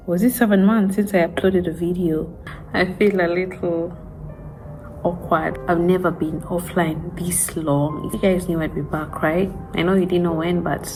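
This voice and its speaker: A woman with a lowish voice talks to her viewers in a confessional vlog, her words halting and soft. She is holding back tears, pausing often. Faint music sits under her voice. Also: low-quality recording. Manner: halting, soft-spoken, tearful. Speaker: vlogger.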